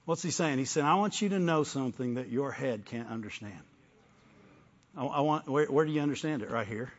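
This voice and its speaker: An older man preaching a sermon, shifting between fervent call-and-response peaks and soft, intimate storytelling. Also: mid-range voice, fairly quick. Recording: dull sound with long hall reverb.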